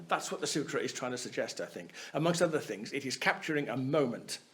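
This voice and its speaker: Male dharma teacher, mid-pitched, conversational lecturing tone, keeps asking "yeah?". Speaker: Buddhist teacher giving a talk. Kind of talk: chatty explanatory dharma talk. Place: Buddhist centre hall.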